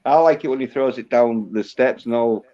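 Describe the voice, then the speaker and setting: A man's voice: mid-range voice, moderate pace, mellow. A man chatting casually on a livestream call, blunt and swearing. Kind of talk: casual chat. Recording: dull lo-fi call audio.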